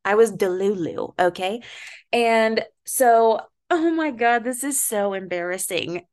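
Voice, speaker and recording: A young woman co-hosting a podcast, telling a story in casual chat, animated, swearing freely and laughing at herself. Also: a little high, a little slow. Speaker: podcast co-host.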